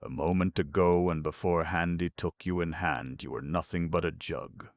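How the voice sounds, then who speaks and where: A man's voice: low-pitched, steady tone, moderate pace, no echo, studio quality. A man doing a nervous royal ox. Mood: cautious. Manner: nervous and pleading. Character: timid fretful royal male ox.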